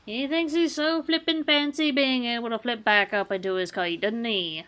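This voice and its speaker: A woman's voice: on the high side, moderate pace, few pauses, fairly bright tone, smooth. Woman let's-play host, casual sweary commentary, self-mocking, teasing. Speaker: gaming channel host.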